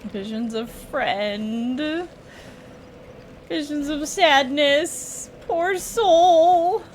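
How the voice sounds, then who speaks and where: A woman's voice: high voice, extremely slow, a little hiss or hum. A woman streaming a video game, giving chatty, emotional, joking commentary. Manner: chatty, emotional, jokey reactions. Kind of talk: casual gameplay commentary.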